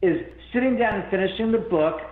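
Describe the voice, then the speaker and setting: A man telling a long story as an interview guest, rambling and animated, with many restarts. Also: high voice, brisk, crowd noise. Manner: rambling, animated, full of restarts and self-quotes. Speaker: guest, haunted-house owner. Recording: phone-like line in an echoey room.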